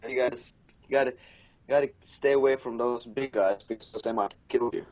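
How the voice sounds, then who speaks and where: A man's voice: medium pitch, steady tone, normal speed, a little mellow. A man from Norway tells a crude, swear-filled story in an everyday mid-range voice, laughing at his own blunders. The audio is dull and lo-fi. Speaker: podcast co-host. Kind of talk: casual storytelling chat.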